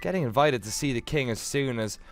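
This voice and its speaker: A man's voice: mid-range voice, lively intonation, fairly quick, soft background music. A man reading a game aloud and joking, often laughing, as casual gameplay commentary. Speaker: let's player.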